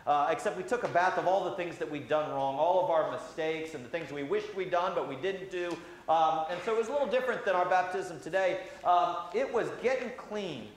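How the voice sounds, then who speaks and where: Priest, man, high voice, talking to kids in a very echoey church with faint hiss. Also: fairly quick, hardly any pauses. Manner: gentle, conversational, frequent "uh" fillers. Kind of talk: children's sermon. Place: large church sanctuary.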